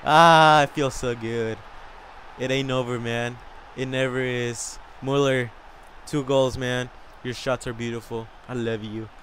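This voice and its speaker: A young man commentating his own soccer video game live, excitable and swearing, whooping and yelling at big plays. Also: medium pitch, measured pace, a little hiss or hum. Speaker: gamer.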